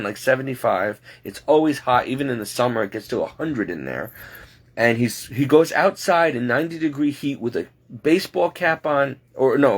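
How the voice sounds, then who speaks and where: A home caregiver vents in a late-night vlog, rambling, restless and exasperated as he talks to himself. His voice is husky and medium in pitch.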